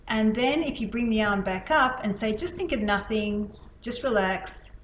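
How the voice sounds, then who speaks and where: A woman's voice: mid-range voice, slight background noise. A woman teaching a healing technique in a casual, chatty way, demonstrating as she explains. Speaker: healing instructor. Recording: echoey room with faint ambience.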